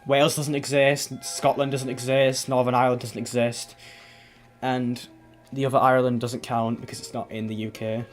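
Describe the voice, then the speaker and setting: A man's voice: mid-range voice, little pitch movement, normal speed, faint music behind. Rambling man streaming a game. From England. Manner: rambling, swears casually, trails off and restarts. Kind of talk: casual gaming stream chat.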